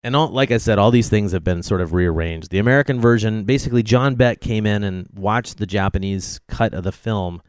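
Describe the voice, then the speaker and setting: A man's voice: on the low side, a little fast, few pauses, no echo, studio quality. A man co-hosting a film commentary, chatting wryly and packing in trivia. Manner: knowledgeable, wry, trivia-heavy. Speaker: podcast co-host.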